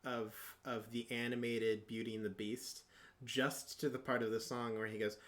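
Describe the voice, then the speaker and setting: A man who plays in a tabletop game chatting casually and joking with the other players. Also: normal speed. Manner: animated, jokey, swinging pitch. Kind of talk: casual chat.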